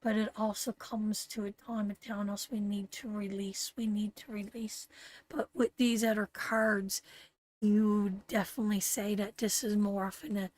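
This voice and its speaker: A woman with a Canadian accent giving a live tarot reading, talking slowly and tenderly, repeating phrases and getting emotional. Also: mid-range voice, level tone, darkish tone. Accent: Canadian English. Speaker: tarot reader.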